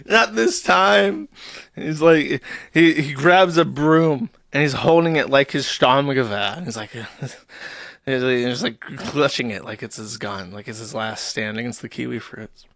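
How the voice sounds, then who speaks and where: A man's voice: mid-range voice, unhurried, fairly bright tone, dry recording. A man hosting a live stream, reading posts aloud and mocking them in a sarcastic, profane, mock-serious tone. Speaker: streamer host.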